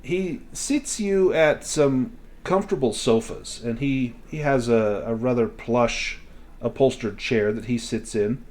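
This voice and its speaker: A man running a tabletop game as game master, narrating in a relaxed, descriptive way with some restarts. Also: mid-range voice, unhurried.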